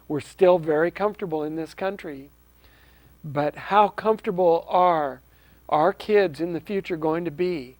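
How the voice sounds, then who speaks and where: Seorang pria memandu acara TV komunitas lokal, berbicara santai tanpa naskah, dengan nada sungguh-sungguh dan banyak "um" serta ulangan kata. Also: male voice, a little high, no room sound. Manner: earnest, with frequent ums and restarts. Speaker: host of a local access TV show. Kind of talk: casual unscripted talk to camera.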